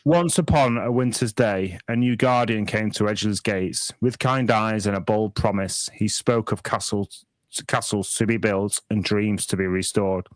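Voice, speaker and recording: A man doing a dreamy, gentle fairy-tale narrator. He reads as if tucking someone into bed, slow and soft. The sound is dry and close, with no room echo. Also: on the low side, lightly acted. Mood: hushed, dreamy. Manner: slow, soft bedtime-story delivery.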